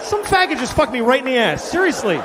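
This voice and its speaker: A man doing a shrill, outraged guy yelling. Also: big pitch swings, fast, crowd noise. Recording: live audience and room noise.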